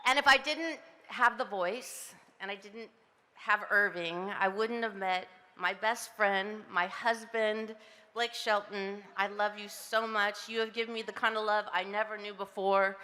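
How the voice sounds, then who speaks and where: A woman's voice: mid-range voice, steady tone, unhurried, sharp tone, big-room sound. A middle-aged woman from Southern California giving a heartfelt acceptance speech, chatty and laughing often as she tells stories with quoted voices. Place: outdoor ceremony.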